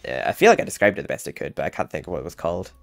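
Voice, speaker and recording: Low-voiced guy rambling over his game walkthrough, lively up and down, faint game music. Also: racing, vocal fry. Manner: rambling, chatty, often laughing. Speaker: gaming channel host. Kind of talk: casual game walkthrough commentary.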